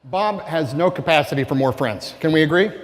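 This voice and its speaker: Male keynote speaker, fairly high voice, punchy and rhetorical, reverberant hall. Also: a little fast, some chatter behind. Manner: animated, rhetorical, asks the audience questions. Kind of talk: conference keynote speech. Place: conference hall. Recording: long reverb of a large hall.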